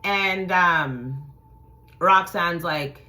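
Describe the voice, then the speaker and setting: A middle-aged woman telling a personal story to viewers in a blunt, profane way, acting out quotes with sudden loud shouts. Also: lowish voice, extremely slow.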